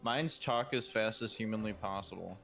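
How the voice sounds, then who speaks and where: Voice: mid-range voice, normal speed, vocal fry, a bit bright. A streamer in casual game chat, playful and fond of wordplay. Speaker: streamer guest. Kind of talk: casual chat while gaming.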